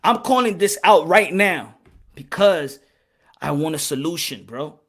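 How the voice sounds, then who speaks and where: A man hosting a boxing channel, delivering impassioned, preachy commentary and switching between English and Spanish, rising to shouts when worked up. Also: on the high side, animated, unhurried.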